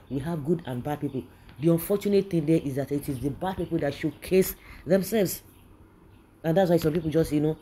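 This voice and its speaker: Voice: mid-range voice, warm tone, slight background noise. A political commentator with a Nigerian accent, giving an indignant opinion rant that keeps circling back and repeating phrases.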